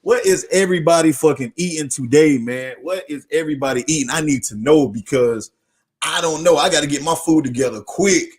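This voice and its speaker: A man's voice: fairly high pitch, fairly quick, husky. Hyped, profane man hosting a podcast. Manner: excitable, profane, slangy, breaks into shouting. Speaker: podcast host. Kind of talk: casual hyped sports talk.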